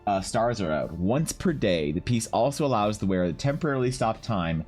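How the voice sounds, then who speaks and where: Young male streamer, low-ish voice, slightly rough, animated and profane, chatty banter. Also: brisk, soft background music. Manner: animated, swearing, bantering with chat. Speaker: art streamer. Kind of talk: casual live-stream chat.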